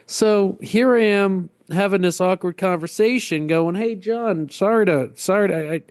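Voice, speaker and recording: A man's voice: sits high, a little slow, darkish tone, clean tone, no echo, studio quality. Rambling man telling a story. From Northeast United States. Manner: rambling, self-interrupting anecdote with acted-out quotes. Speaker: podcast co-host. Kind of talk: casual storytelling chat.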